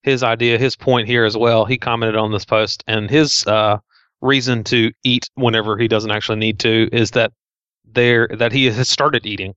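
A man's voice: mid-range voice, steady tone, normal speed, a bit bright, smooth, no room sound. Man, Southern US accent, folksy podcast co-host, resonant, dry, dull sound. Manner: easygoing storyteller with folksy phrasing. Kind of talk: casual podcast chat. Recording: dry, slightly dull mic.

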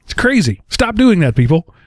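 A man hosting a casual tech podcast, joking and quick to laugh. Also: sits high, big pitch swings, dry recording, studio quality. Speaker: podcast host.

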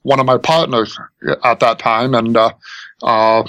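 A man's voice: medium pitch, little pitch movement, unhurried, a bit bright, dry recording. A man in his fifties from Maine, a guest on a podcast, talking earnestly with many hesitations. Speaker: guest, school technology director. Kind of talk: podcast interview.

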